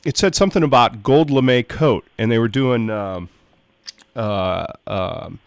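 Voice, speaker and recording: A man's voice: medium pitch, measured pace, vocal fry, smooth, no room sound. A male radio show host in a casual interview, stammering and repeating words, often laughing.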